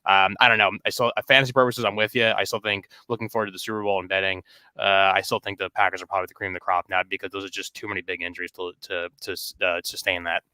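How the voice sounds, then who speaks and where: A man chatting about fantasy football in a quick, easygoing way. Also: low voice, level tone, pushed and bright, smooth, no room sound. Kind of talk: casual sports chat.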